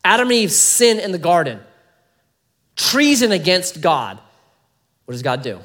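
Animated high-voiced male preacher. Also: a little slow. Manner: animated, conversational preaching with rhetorical questions. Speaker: pastor. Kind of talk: sermon.

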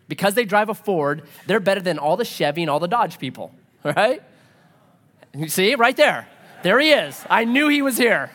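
A man preaching a sermon as a pastor, animated and joking, acting out quoted voices. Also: high voice. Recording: long hall reverb.

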